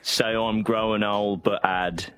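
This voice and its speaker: A man reciting a poem in a put-on Cockney accent, slow and committed. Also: on the low side, steady tone, a bit bright, clear, resonant tone, faint music behind. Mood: earnest.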